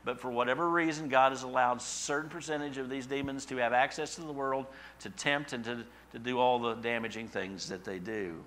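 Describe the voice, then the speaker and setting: A man preaching a sermon, building to loud emphatic peaks and falling to quiet asides. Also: medium pitch, fairly even intonation, fairly quick, hardly any pauses, slight background noise. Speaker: pastor.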